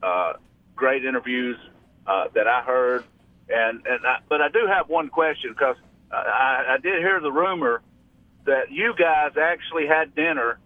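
A Southern-accented man calls in to a sports radio show and talks at an ordinary middle pitch. His speech wanders and doubles back on itself, full of restarts. He comes through a thin, tinny phone line. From Alabama, US. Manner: rambling, chatty, many restarts. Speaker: radio caller. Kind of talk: casual phone call.

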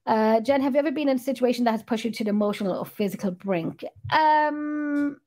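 A woman's voice: on the high side, rapid-fire, mellow. A middle-aged woman hosting a podcast. She talks in a rambling, chatty way and swears freely. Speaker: podcast host. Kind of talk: casual chat.

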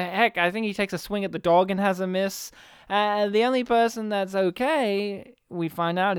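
A man in casual chat, telling an animated story and acting out his own past lines with sighs and huffs. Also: high-pitched, smooth, no echo, studio quality.

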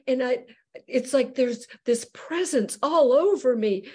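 She's a middle-aged evangelist on a show, giving an animated personal testimony and acting out the voices she quotes. Her husky voice sits high, and her pace is measured.

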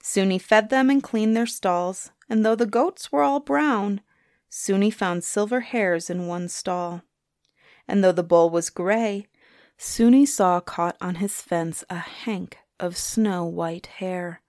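A woman telling a folktale aloud in a lilting, expressive way, letting line endings trail off softly. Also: mid-range voice, slow pace, no room sound, studio quality. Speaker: storyteller. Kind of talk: folktale storytelling.

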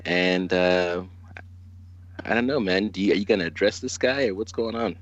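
An excitable man from California hosts the chat in a lowish voice, laughing and swearing freely. The sound is slightly dull and lo-fi. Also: moderate pace. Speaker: podcast host. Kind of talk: casual podcast chat.

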